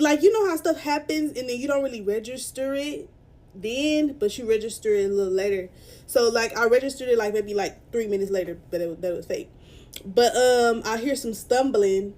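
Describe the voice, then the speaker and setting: Nearly crying and clearly irritated, a young vlogger from Dallas, Texas, recounts a story into her phone camera. Her voice is a little high and a little mellow.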